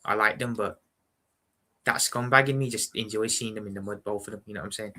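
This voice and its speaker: A man's voice: fairly low pitch, fairly even intonation, brisk, pushed and bright. Blunt Scouse man streaming football. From Liverpool, England. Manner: blunt, rambling, repeats "you know what I'm saying". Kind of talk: casual live-stream chat.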